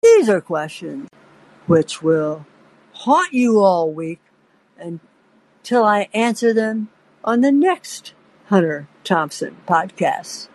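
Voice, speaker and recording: A podcast host narrates a first-person story in a mid-range, somewhat mellow, sing-song voice at a slow pace. Theatrical and playful, she voices quoted characters and addresses the listener directly, though the recording is rough.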